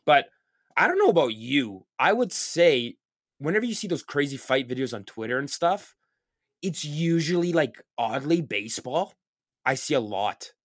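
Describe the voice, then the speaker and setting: A man's voice: on the high side, very animated, normal speed, a bit bright, no room sound, studio quality. A young man from Canada co-hosting a podcast in loose casual chat, swearing a lot and filling his talk with "like.". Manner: loose, profane, heavy with filler "like". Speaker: podcast co-host. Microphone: podcast mic.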